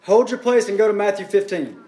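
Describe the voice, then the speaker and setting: A man's voice: high voice, a little fast, warm tone, echoey room. A man preaching a sermon as pastor, building up and easing off in intensity. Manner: preaching with rising and falling intensity.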